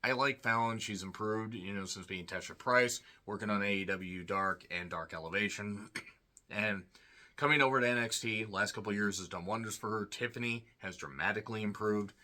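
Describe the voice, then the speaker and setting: A man's voice: lowish voice, a little fast, sharp tone. A man giving a rambling, sarcastic solo review of a wrestling show, full of snarky asides. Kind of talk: casual solo review commentary.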